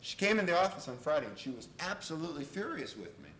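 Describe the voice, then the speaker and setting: A man giving a university lecture in an animated storytelling way, on an old reel-to-reel tape. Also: fairly high pitch, quick pace. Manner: animated, loud when acting out exchanges. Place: lecture hall. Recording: old reel-to-reel tape, echoey lecture hall, faint hiss.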